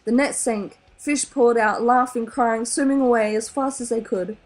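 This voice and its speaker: A woman with an Australian accent reading a children's novel aloud in an animated, expressive way. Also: a little high, moderate pace, rough recording. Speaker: storybook reader.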